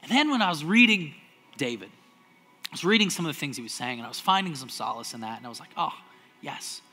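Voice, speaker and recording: A man's pastor voice, pitched high and bright, preaching with a lively, conversational sermon style. He swings from loud, acted-out outbursts down to hushed near-whispers. He sounds like a young adult. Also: fast talker, faint music behind.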